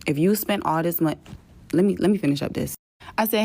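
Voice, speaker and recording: A woman with a low, deep speaking voice vents about a booking gone wrong in a loose, casual storytelling rant. She is profane and openly exasperated, and she slips into quick mimicry of other people. The recording sounds like a self-made vlog. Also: a little mellow. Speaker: vlogger telling a travel story.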